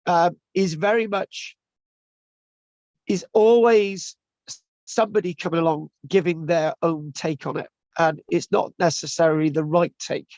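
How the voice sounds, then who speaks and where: Gravelly high-voiced man lecturing. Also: fairly even intonation, a little slow, a little mellow, no echo. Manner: chatty, keeps checking in with tag questions and restarts. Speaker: lecturer teaching an online class. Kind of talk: informal lecture. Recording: dull lo-fi, dry sound.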